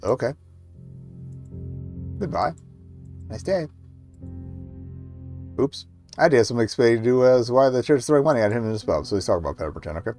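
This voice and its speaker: A man's voice: medium pitch, very fast, a little mellow, faint music behind. A man streaming a point-and-click game, reading its dialogue aloud with wry, chatty commentary.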